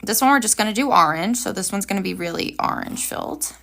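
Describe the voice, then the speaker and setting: Talking fast and animatedly, this woman hosts a live planner session, cheerfully chatting with viewers as she draws. Her medium-pitched voice is gravelly with a fairly bright tone.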